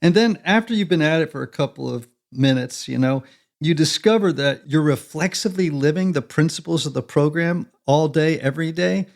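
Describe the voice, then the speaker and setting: A man's voice: fairly high pitch, a little fast, creaky. A man speaking as a guest on a conversational interview podcast, earnest and reflective, with emphatic stretches.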